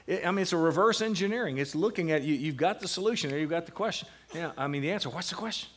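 A middle-aged man lecturing a classroom, with a voice that sits a little high for a man. He keeps firing questions at the students and answering them himself, swinging from hushed asides to loud, lively bursts. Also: rapid-fire. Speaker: seminary lecturer. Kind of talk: classroom lecture on Bible meditation.

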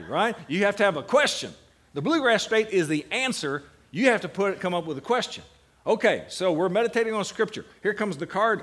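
A man's voice: high-pitched, animated, a little fast, fairly bright tone. A middle-aged man giving a classroom lecture on Bible meditation, putting questions to his students and answering them. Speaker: seminary lecturer.

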